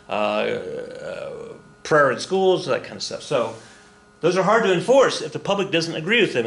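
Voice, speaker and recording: A middle-aged man from Oklahoma, a history teacher, gives a casual recorded lecture in a medium-pitched voice with vocal fry. He's chatty, tossing in joking asides, with lots of fillers and restarts.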